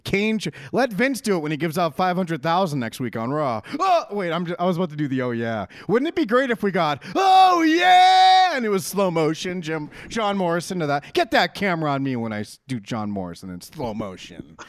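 A man's voice: on the high side, sing-song, a little fast, few pauses, no room sound, studio quality. A man ranting brashly and profanely in a casual podcast chat about wrestling. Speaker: podcast co-host.

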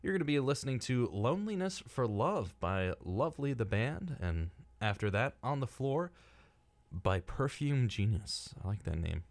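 A young man chats loosely on a college radio show, trailing off and restarting his thoughts. His voice sits at an ordinary pitch and sounds close and dry, with no room around it. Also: very animated, normal speed, dry recording. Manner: rambling, laughs often, many fillers. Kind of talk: casual radio chat.

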